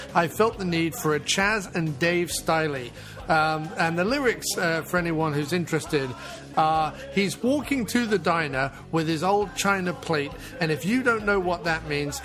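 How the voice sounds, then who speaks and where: A man hosting a podcast, chatting casually with frequent laughs and reading a listener's email aloud. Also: a little high. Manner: easygoing, laughs often. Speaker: podcast host.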